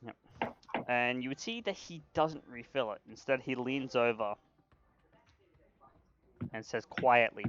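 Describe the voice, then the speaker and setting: A man's voice: mid-range voice, unhurried, pauses often, a bit bright. Casual male game master, lo-fi. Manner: casual, with restarts and fillers. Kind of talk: narrating a tabletop role-playing game.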